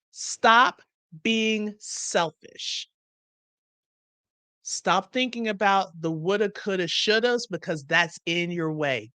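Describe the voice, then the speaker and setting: A woman's voice: mid-range voice, sharp tone, no echo. A woman in her fifties hosting a motivational live stream, emphatic and preachy, laughing often. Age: 50s. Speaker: podcast host and math tutor.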